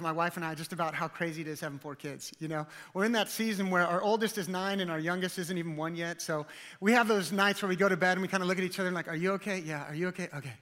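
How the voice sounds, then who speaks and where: A man's voice: high-pitched, fairly bright tone, long reverb tail. A man in his thirties from the Dallas area, a guest preacher giving a chatty, joking sermon in a church with many fillers and restarts. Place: church auditorium.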